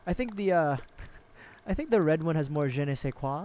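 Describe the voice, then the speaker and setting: A man's voice: fairly high pitch, expressive, normal speed, darkish tone. A man streaming a life-sim game, rambling casually and jokingly to his chat and laughing often. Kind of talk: casual gaming livestream chat.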